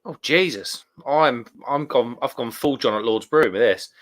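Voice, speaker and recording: Bright-voiced cheerful man chatting about beer. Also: mid-range voice, normal speed. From England. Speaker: live stream co-host. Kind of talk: casual chat reading viewer comments.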